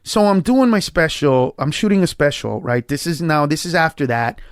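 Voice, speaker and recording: Emphatic, cursing male comedian with a higher voice. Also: big pitch swings, moderate pace, clean tone, no room sound, clean studio sound. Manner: emphatic and profane, acts out quoted lines with big pitch jumps. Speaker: podcast guest, comedian. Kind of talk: storytelling in a podcast interview.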